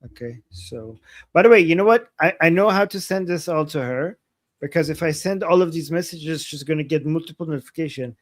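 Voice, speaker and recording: Rambling man with a higher, dry voice. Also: a little fast, dry recording. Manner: rambling, full of "like" and restarts. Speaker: co-host of a live analysis stream. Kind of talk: casual live-stream chat.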